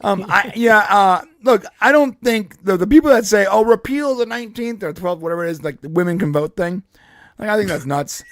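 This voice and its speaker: Blunt high-voiced man hosting a podcast. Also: a little fast, no echo. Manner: blunt, profane, animated storytelling with put-on quoted voices. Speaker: podcast host. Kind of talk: casual political chat.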